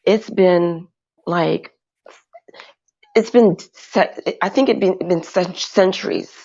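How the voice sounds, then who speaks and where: Brief: low, gravelly-voiced woman, slow and hesitant panel guest, dull lo-fi audio. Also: dark tone. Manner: hesitant, halting with many fillers. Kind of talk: casual chat.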